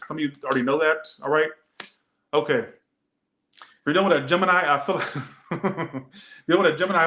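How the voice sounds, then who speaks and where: A man's voice: fairly high pitch, sharp tone, echoey room. A man doing a casual tarot reading, rambling and swearing, often repeating himself. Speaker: tarot reader.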